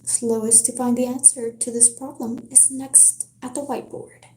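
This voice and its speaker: A woman's voice: on the high side, little pitch movement, moderate pace, dark tone, echoey room, lightly acted. A woman whispering a book aloud and voicing a cruel, mocking male math teacher who taunts in a sing-song way.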